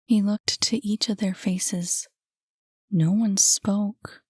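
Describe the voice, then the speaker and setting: Slow hushed woman narrator. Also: medium pitch, fairly even intonation, slightly rough, no room sound, studio quality. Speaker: audiobook narrator. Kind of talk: scripted narration.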